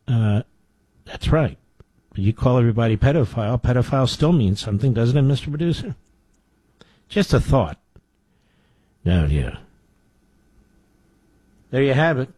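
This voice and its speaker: A man's voice: mid-range voice, darkish tone, no echo. A man in his sixties delivers a political talk radio monologue, mocking and sarcastic, tossing asides to his producer. His voice sits in an ordinary middle register. It is recorded close and dry, with no room sound. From Philadelphia area, US. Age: 60s.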